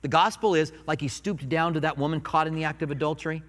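High, bright-voiced male pastor preaching. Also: fast talker, big-room sound. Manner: animated, joking asides, mimics voices. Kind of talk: sermon. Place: church sanctuary.

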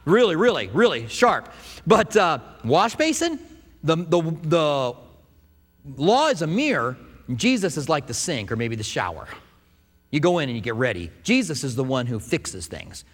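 A man preaching a sermon, telling stories and acting out quotes in an animated way. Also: a little high, moderate pace, breathy edge, big-room sound. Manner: animated storytelling with acted-out quotes. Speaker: pastor.

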